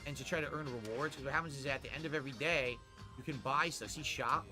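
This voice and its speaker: A man's voice: medium pitch, quick pace. A man livestreaming a mobile game, energetically explaining the gameplay to his chat. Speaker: streamer. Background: music.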